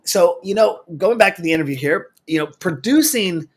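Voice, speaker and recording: A man's voice: high-pitched, lively intonation, normal speed, husky. Rambling talk-show host man. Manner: rambling, restarts often, friendly asides. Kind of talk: casual interview chat. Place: remote video call studio.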